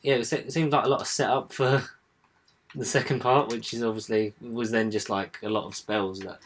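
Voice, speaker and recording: A man's voice: fairly low pitch, steady tone, moderate pace, a little hiss or hum. A young man co-hosting a casual podcast, rambling with lots of fillers and the odd swear word. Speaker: podcast co-host. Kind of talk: casual chat.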